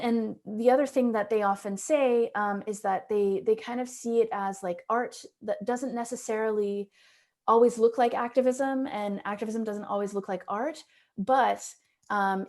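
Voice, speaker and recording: A woman's voice: mid-range voice, a little mellow. A woman educator giving a seminar presentation, telling a classroom story in a thoughtful way with frequent ums and restarts. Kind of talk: conference presentation.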